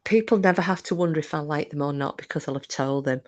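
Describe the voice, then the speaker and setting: A woman's voice: low-pitched, fast, highs cut off. A woman hosting a live chat with viewers, talking bluntly and casually, swearing freely. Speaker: livestream host chatting with viewers.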